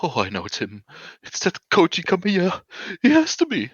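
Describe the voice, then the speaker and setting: A man voicing an excitable bar patron in a horror game, gossiping in a raised, breathless voice. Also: fairly high pitch, moderate pace, no room sound, highs cut off, pitched above the performer's own voice, heavily acted. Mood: eager gossip.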